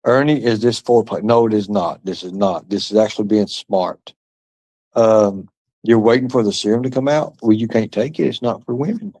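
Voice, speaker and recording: A man's voice: fairly low pitch, normal speed, mellow. A man hosting a livestream, rambling and taunting as he answers chat comments, with profanity and muttered asides. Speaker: livestream host. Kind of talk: rambling live-stream chat reading comments.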